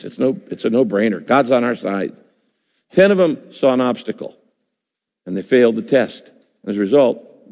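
A man's voice: mid-range voice, darkish tone. A man preaching a sermon as a pastor, emphatic and repeating key phrases for effect. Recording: long hall reverb.

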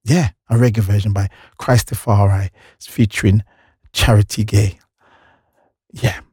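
A man's voice: fairly low pitch, steady tone, measured pace, darkish tone, slightly rough, no echo, studio quality. A man with a Jamaican accent hosting a radio show, chatting playfully between songs and slipping into patois and sing-song lines. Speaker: radio host.

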